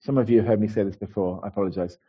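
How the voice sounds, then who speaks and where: A man's voice: lowish voice, fairly even intonation, very fast, husky, highs cut off. A man giving a conversational sermon as a pastor in church, with asides and restarts.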